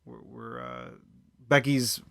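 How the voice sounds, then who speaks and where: A man co-hosting a casual comedy podcast, joking and often trailing off quietly. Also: medium pitch, little pitch movement, slow pace, creaky, dry recording, studio quality. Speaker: podcast co-host.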